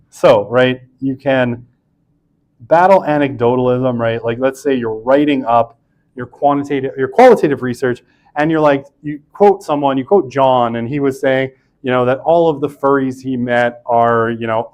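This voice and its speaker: Male university lecturer, mid-pitched, chatty recorded lecture, keeps asking "right?", drifts into asides. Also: steady tone, moderate pace, darkish tone. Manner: casual and chatty, tags sentences with "right?"; self-interrupting, with asides and restarts.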